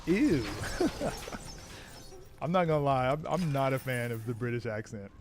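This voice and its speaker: A man's voice: medium pitch, fast talker, a little hiss or hum. An American man chatting casually on a live stream, answering chat while he plays a game. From United States.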